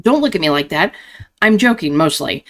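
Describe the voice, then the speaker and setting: A woman's voice: sits low, sing-song, moderate pace, pitched below the performer's own voice. A sly, scheming accountant, as a woman voices him in a horror game. He savours each word with smug, theatrical menace.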